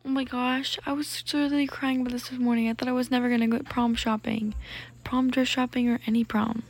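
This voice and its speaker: A woman voicing an excited teenage girl who gushes with joy in a toy role-play story. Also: fairly high pitch, fairly quick. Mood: overjoyed. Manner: gushing, squealing with joy.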